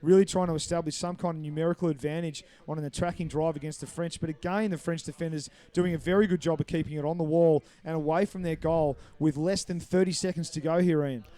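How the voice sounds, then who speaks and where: Male play-by-play commentator, warm and smooth, slightly high voice, brisk explanatory calls. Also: steady tone. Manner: brisk, explanatory, apologetic over names. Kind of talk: live sports commentary.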